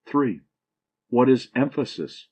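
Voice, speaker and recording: A man narrating an audiobook, reading numbered grammar questions and answers in a measured, even way. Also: mid-range voice, husky. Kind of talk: reading a grammar book aloud.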